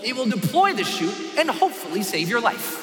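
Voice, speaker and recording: A man voicing a calm, steady male skydiving instructor who coaches slowly and soothingly, in an echoey hall. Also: sits high, music in the background, pitched below the performer's own voice.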